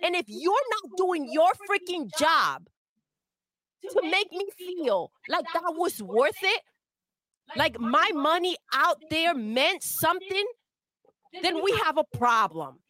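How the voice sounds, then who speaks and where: Fiery high-voiced woman ranting. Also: animated, a little slow, bright, forceful tone, no room sound, studio quality. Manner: fiery, profane, emphatic. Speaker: co-host. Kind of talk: heated gaming rant.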